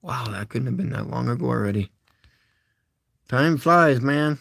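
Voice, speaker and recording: A man's voice: medium pitch, expressive, unhurried, vocal fry, long pauses, fairly bright tone, no echo, clean studio sound. A middle-aged man with a Canadian accent, rambling and chuckling as he chats casually with his live-stream viewers. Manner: rambling, chuckling, talks to chat.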